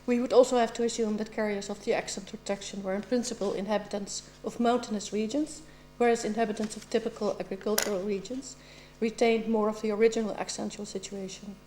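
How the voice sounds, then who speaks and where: A woman's voice: mid-range voice, fairly even intonation, mellow, a little hiss or hum. A middle-aged woman asking formal, precise questions as an examiner at a doctoral defense. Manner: measured and precise, with occasional ums.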